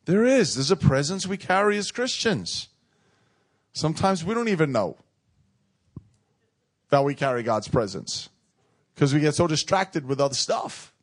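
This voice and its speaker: A man's voice: fairly high pitch, lively intonation, unhurried, pauses often. A man preaching a sermon, emphatic and repeating phrases for effect, calling on the congregation to respond. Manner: calls on the crowd to respond.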